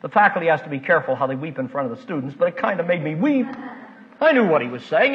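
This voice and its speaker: An older man preaching a folksy, emotional sermon, moving between hushed asides and loud emphasis. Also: fairly high pitch, sing-song, fast talker. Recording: dull lo-fi recording.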